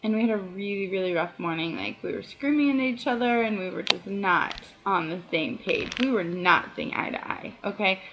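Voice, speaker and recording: A woman in her thirties talks casually into a camera at home, rambling from one aside to the next with a self-deprecating streak. Her voice sits at a middle pitch with a gravelly fry and sounds tired. A faint hiss of noise stays in the background. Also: moderate pace, hardly any pauses. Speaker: author vlogger. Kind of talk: casual chatty vlog. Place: home, indoors.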